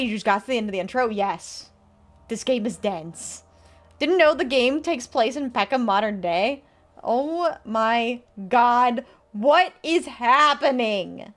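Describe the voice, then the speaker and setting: A woman streaming a video game, talking casually and reacting with quick, animated remarks. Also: on the high side. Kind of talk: casual let's-play commentary.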